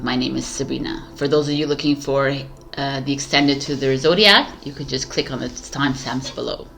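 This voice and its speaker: A woman reading tarot in vlog bloopers, giggling and flustered, stumbling and restarting, with quiet asides under her breath. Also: extremely low pitch, normal speed, vocal fry. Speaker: tarot reader.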